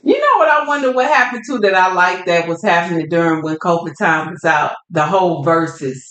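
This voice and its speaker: A woman's voice: fairly low pitch, lively intonation, fairly quick, fairly bright tone. A woman co-hosting a casual podcast chat, talkative and colloquial, laughing easily as she talks. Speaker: podcast co-host. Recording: roomy echo.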